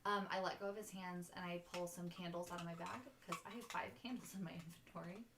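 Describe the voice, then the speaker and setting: A woman player in a tabletop game, describing her character's actions with hesitant pauses. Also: on the low side, steady tone, reverberant, noisy background. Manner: hesitant, many ums.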